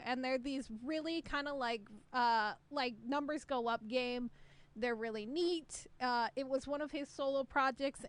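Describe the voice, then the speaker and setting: A woman co-hosting a casual gaming podcast, chatty, swearing freely and laughing often. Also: high voice. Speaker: podcast co-host.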